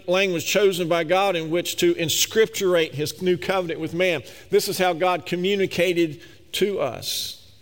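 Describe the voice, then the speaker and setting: A man's voice: sits high, fairly bright tone, in a large hall. A man preaching a sermon, emphatic and speaking straight to his listeners. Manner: emphatic, addresses the congregation directly.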